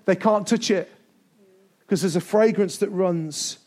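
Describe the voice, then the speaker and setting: A man preaching a sermon to his church, energetic and building to shouts, with joking asides. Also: sits high, a little slow. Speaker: pastor. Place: church service before a congregation.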